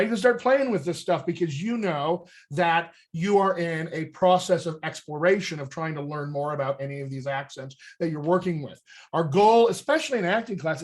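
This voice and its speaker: A man from the United States who coaches voice and dialect, explaining accent technique in an energetic, conversational way and checking in with "all right?". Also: on the high side. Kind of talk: coaching talk on a group call.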